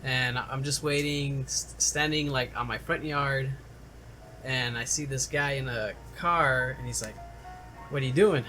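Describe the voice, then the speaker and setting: A young man on a casual podcast recounts a story at an ordinary pitch, slipping into the voices of the people he quotes. Faint music sits underneath his talk. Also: measured pace, pushed and bright, low-quality recording. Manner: storytelling, acting out quotes with laughter. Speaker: podcast co-host. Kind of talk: casual chat.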